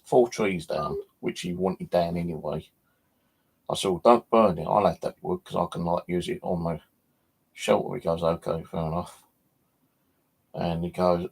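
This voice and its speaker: A man's voice: low voice, creaky, a little mellow, husky. A man hosting a paranormal channel, chatting casually on a livestream, rambling with lots of fillers and casual swearing.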